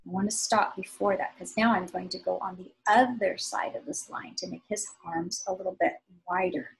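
A woman teaching young children to draw, giving slow, patient, sing-song step-by-step instructions. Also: fairly low pitch, fairly even intonation, gravelly, low-quality recording. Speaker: art teacher.

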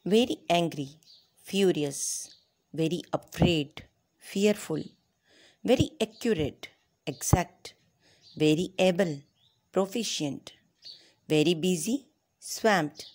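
A woman English teacher with an Indian English accent, slowly reading pairs of vocabulary words in a measured way. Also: on the low side, a little mellow. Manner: measured, reads word pairs one by one. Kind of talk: slow vocabulary list reading.

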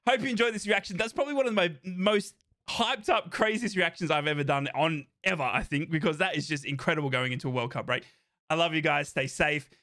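A young man reacting live to a football match, talking nervously to the game and breaking into excited cheering. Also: fairly high pitch, brisk. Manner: excitable, anxious then euphoric, talks to the match.

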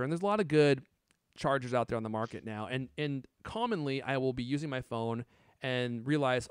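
A man's voice: mid-range voice, brisk, clear, resonant tone, no room sound, studio quality. A man in his thirties co-hosting a casual tech chat, joking and laughing often. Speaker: podcast co-host.

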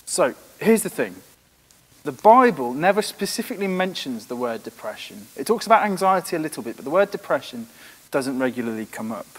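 A man speaking in an earnest, frank way during a church talk, his pitch leaping high and low as he tells the story. He is a little high-voiced for a man. The sound rings out with a long echo, as in a big hall. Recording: echoey room with long reverb.

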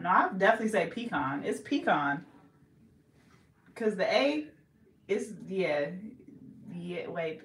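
A woman vlogger from the Bay Area of California, chatting casually in a playful, giggly way and second-guessing herself. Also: medium pitch. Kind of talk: casual chat. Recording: echoey room, faint background hiss.

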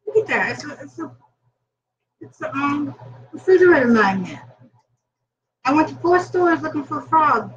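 A woman's voice: high voice, animated, normal speed, pauses often, a bit bright. A woman in her fifties chatting casually to her viewers while she cooks in her home kitchen. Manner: chatty, talks straight to viewers. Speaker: vlogger. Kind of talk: casual cooking vlog chat. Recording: distant lo-fi camera audio with faint noise.

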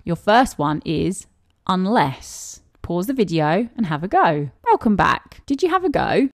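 Woman, young adult teacher, warm encouragement, animated delivery for a children's lesson video. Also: on the low side, gravelly, dry recording, clean studio sound. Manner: encouraging, asks the viewer questions and praises answers. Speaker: primary school teacher. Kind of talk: recorded grammar lesson for children.

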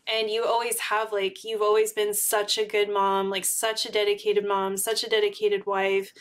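A woman hosts a relaxed livestream conversation, talking openly and bluntly. She swears freely and strings her thoughts together with plenty of "like" and "you know". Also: mid-range voice, moderate pace. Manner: candid, swears freely, many fillers. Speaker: host.

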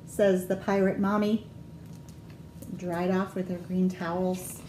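Woman, children's librarian, storytime read-aloud: slow, sing-song, expressive, with roomy echo. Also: fairly low pitch, slight background noise.

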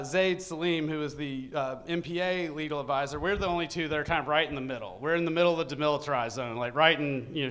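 Brief: high, bright-voiced man telling a profane comic story live on stage. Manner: animated, profane, self-mocking.

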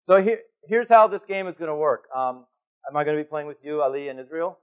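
A man giving a conference keynote on stage, animated and playful as he calls volunteers up from the audience. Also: on the high side, fast talker, smooth. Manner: animated, calling to the crowd, playful. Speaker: keynote speaker.

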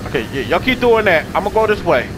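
Excitable high-voiced gaming commentator, man. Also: quick pace, noisy background. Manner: excitable, swears freely, talks to viewers and game characters. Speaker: gaming video host. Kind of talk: casual let's-play commentary.

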